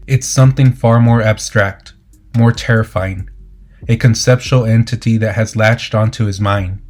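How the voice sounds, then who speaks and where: A man narrating a comic book story recap in a steady, dramatic scripted delivery. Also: fairly low pitch. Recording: faint music underneath.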